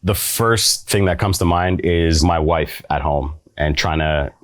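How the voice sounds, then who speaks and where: Man, very low voice, emotionally drained, halting, casual chat, dry sound. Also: no room sound. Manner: halting, searching for words. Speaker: retreat participant.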